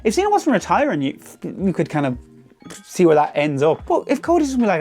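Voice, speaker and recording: A young man giving casual, rambling commentary with predictions, often repeating "I feel like" and getting animated. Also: high-pitched, fast talker, faint music behind. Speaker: wrestling predictions host.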